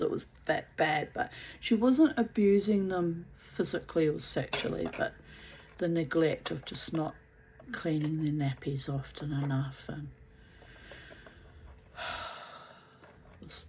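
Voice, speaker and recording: A woman's voice: on the low side, a little hiss or hum, rough recording. A woman telling a personal story in a blunt, casual way, swearing freely and laughing at herself.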